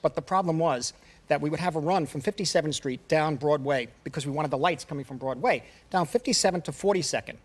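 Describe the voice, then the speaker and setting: A man telling animated stories as a talk show guest, laughing often. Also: fairly high pitch, husky. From New York. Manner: rapid, animated, laughing storyteller. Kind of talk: anecdotal storytelling. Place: television studio.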